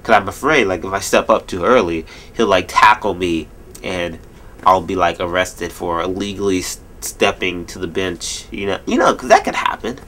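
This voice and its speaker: A man in his twenties rambling jokily through a late-night vlog at home, telling stories in an animated way. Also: low-pitched, normal speed. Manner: rambling, jokey, animated storytelling. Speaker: vlogger.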